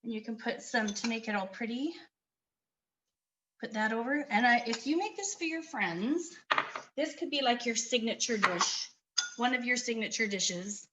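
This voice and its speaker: A woman's voice: on the high side, expressive, moderate pace, background noise. A woman from Canada giving a casual cooking demonstration in a community kitchen, chatty and enthusiastic as she tells stories.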